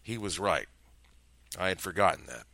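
A man narrates a first-person story, his voice bright and forceful. His pitch moves a great deal and sits a little low. The recording is close and dry. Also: animated, normal speed, creaky, no echo.

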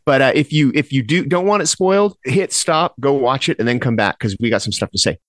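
Male podcast host, lively swinging delivery, laughs a lot, dry close sound. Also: mid-range voice, brisk, no room sound. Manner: animated, laughs often, restarts sentences. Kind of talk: casual horror podcast chat.

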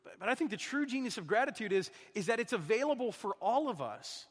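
A man's voice: extremely high pitch, big pitch swings, fast, in a large hall. A man preaching a sermon in an earnest, conversational way, often asking his listeners questions. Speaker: guest preacher.

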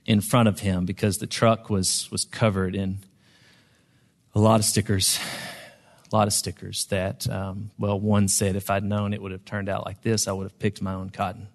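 Man preaching in a reverberant hall. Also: fairly low pitch. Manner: conversational, with frequent ums and restarts. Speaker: pastor. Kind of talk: sermon storytelling.

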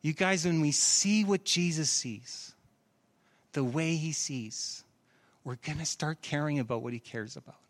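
A man's voice: a little high, measured pace. A middle-aged man, preaching a sermon in a church with earnest rhetorical questions. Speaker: pastor.

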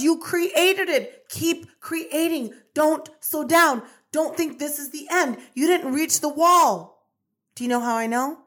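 A woman hosting a podcast, giving an energetic motivational monologue on manifestation, repetitive and preachy, swearing casually. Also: high voice. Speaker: podcast host and manifestation coach.

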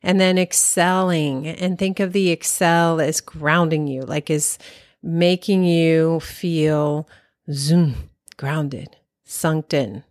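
A middle-aged woman explaining meditation in an unhurried, gentle voice. She sits a little low in pitch and takes her time over each phrase. The sound is dry and close, with no room around it. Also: fairly even intonation, dry recording. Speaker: meditation teacher. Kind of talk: guided meditation talk.

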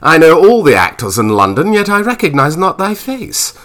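A man's voice: a little high, wildly swooping pitch, moderate pace, a bit bright, pitched above the performer's own voice. A man voicing a proud, impatient Elizabethan male playwright who speaks in a haughty, sardonic, archaic manner.

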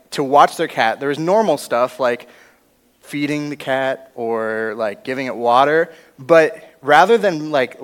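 A young man telling a story in a casual youth sermon, chatty and informal, often tagging his sentences with "right?". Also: a little high. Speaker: youth pastor.

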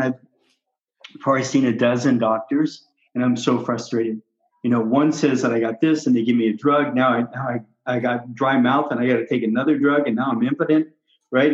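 A man's voice: mid-range voice, natural voice. A man voicing a frustrated male patient with neck pain, weary and complaining. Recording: roomy, slightly dull recording.

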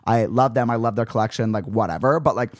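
A young man hosting a solo podcast, telling a story in a dramatic, exasperated rant with sudden jumps in pitch. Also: fast, no room sound, studio quality. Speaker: podcast host.

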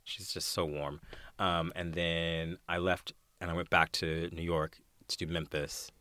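An American man in his thirties, a guest actor telling stage stories in a casual interview, animated and often laughing. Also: low-pitched, measured pace, smooth, dry recording. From United States. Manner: animated storyteller, acts out quoted voices, laughs often.

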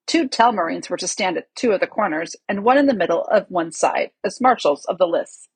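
Breathy woman reading a story. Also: fairly low pitch, no room sound, low-quality recording. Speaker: audiobook reader. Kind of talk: storybook narration.

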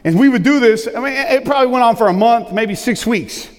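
Booming high-voiced preacher in a reverberant hall. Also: male voice, a little fast. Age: middle-aged. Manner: loud booming preaching voice, lively and emphatic. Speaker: pastor. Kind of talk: sermon. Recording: long reverb of a large hall.

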